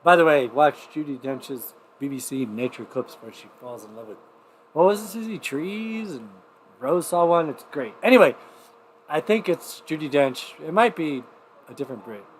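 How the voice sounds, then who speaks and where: A man hosting a livestream showcase, telling a rambling, profane story in casual chat and swinging between loud outbursts and muttered asides. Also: fairly high pitch, lively intonation, moderate pace, a little hiss or hum. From New Mexico. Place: home.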